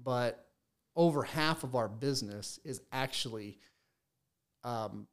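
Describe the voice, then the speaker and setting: A man's voice: medium pitch, slow. A man who runs a beekeeping business, chatting in a casual podcast interview and telling stories with many restarts and repeated words. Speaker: beekeeper and bee business owner.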